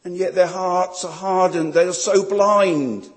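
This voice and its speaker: A man's voice: high voice, steady tone, unhurried. A man preaching a sermon in a solemn, emphatic way, building each point through repeated phrases. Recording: long reverb of a large hall.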